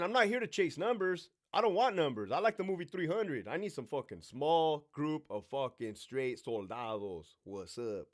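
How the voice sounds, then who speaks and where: Middle-aged male streamer, brash and foul-mouthed, lively voice that swoops up and down, slightly high. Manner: brash, swearing, animated storyteller mimicking others. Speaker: livestream host. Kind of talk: profane live Q&A storytelling.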